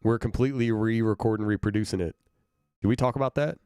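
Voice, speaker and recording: A man's voice: on the low side, fairly even intonation, fast talker, dark tone, smooth, no room sound, studio quality. A man from Brooklyn, a band musician, chatting casually with viewers on a livestream, laughing often. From Brooklyn, New York. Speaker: band musician streaming reactions.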